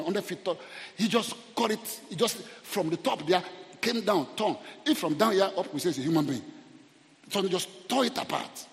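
A man preaching a sermon as pastor, animated, rising to shouts at the peaks and drawing responses from the congregation. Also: high voice. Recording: long hall reverb.

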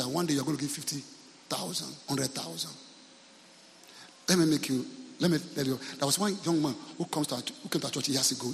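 A man's voice: a little high, vocal fry, a bit bright, big-room sound. A man with a Nigerian accent, a pastor preaching a sermon in church, telling stories with humor and often asking the congregation questions.

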